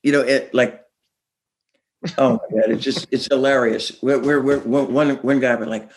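A man's voice: mid-range voice, fairly even intonation, normal speed, slight background noise. A man, a musician guest, telling stories in a rambling way with many restarts and chuckles. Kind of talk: casual interview storytelling.

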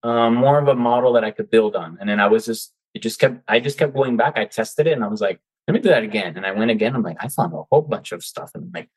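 Man, guest coach, casual interview, low-ish voice, acts out quotes. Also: fast, hardly any pauses, husky, poor audio. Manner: animated, acts out his own quoted reactions. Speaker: guest, seller turned coach.

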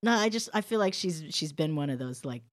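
A woman hosting a casual comedy podcast, joking and riffing with her guest in quick asides. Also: sits low, animated, no room sound, studio quality. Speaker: podcast host.

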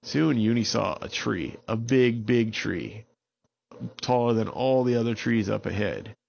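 Brief: relaxed male storyteller, low and unhurried, dull home recording. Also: creaky, dry recording. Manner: relaxed, unhurried, with small restarts. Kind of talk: improvised bedtime storytelling.

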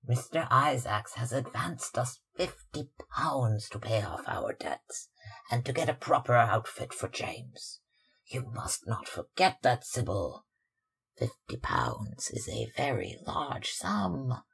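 A man's voice: medium pitch, very animated, slow pace, creaky, fairly bright tone, slightly rough, full character voice. A man reading aloud, voicing a tired, anxious older mother with a fretful, scolding tone.

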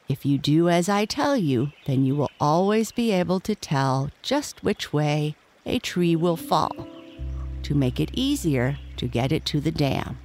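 A storyteller voicing a kindly, patient father beaver in a bedtime storybook, explaining things slowly. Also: mid-range voice, a little mellow. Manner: instructive, patient.

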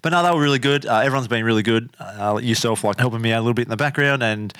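A man's voice: medium pitch, very fast, dry recording. A man chats as a podcast guest, easygoing and humble. He leans on many fillers. The recording is dead dry with no room sound. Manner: relaxed and modest, with many fillers. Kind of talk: casual interview.

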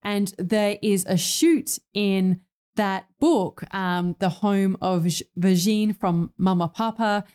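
Middle-aged woman podcasting about style, soft mellow tone, thoughtful and earnest, keeps correcting herself. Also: mid-range voice, slow pace, smooth. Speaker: podcast host, interior stylist. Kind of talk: reflective solo podcast talk.

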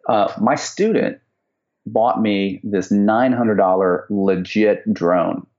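Low-voiced rambling man, lo-fi call. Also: slow, darkish tone. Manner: rambling storyteller with many restarts. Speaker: real estate coach. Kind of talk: casual podcast chat. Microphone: call recording.

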